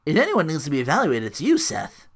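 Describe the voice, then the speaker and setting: A man voicing a prim, stern female corporate evaluator who delivers crisp, formal scolding. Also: a little high, huge pitch swings, fast, pitched above the performer's own voice, full character voice.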